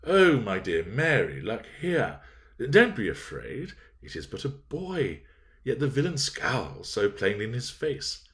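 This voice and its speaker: A man's voice: medium pitch, huge pitch swings, unhurried, a bit bright, voice pushed up, full character voice. A man voicing a pompous, self-important elderly squire and magistrate. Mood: blustering.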